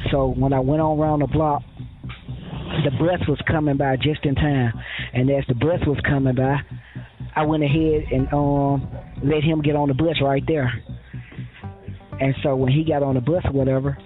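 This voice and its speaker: A man telling his story in a rambling way, quoting other people, with many fillers and restarts, in a phone interview. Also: medium pitch. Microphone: phone line. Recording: tinny phone line with faint music.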